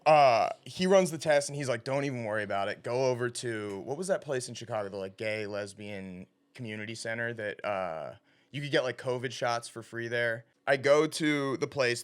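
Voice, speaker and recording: A young man co-hosting a podcast, telling a long story in casual chat, animated and swearing, laughing at his own punchlines. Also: mid-range voice, normal speed, smooth. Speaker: podcast co-host. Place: recording studio.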